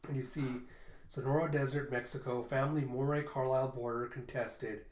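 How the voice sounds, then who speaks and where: A man's voice: medium pitch, steady tone, moderate pace. A man who hosts a comic readthrough, casually describing the panels with fillers along the way. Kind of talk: casual comic read-aloud narration. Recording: roomy echo.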